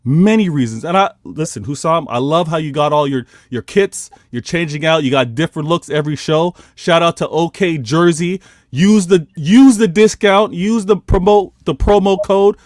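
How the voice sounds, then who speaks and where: A man's voice: fairly high pitch, moderate pace, few pauses, no echo, clean studio sound. A man on a football podcast panel, arguing heatedly and pleading for his turn to speak.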